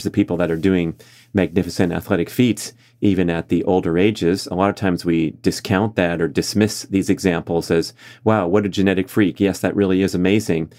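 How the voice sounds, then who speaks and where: A man's voice: low voice, a little mellow. A man hosting a podcast, talking through a casual, enthusiastic monologue full of "uh" fillers. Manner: conversational, frequent uh fillers. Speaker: podcast host.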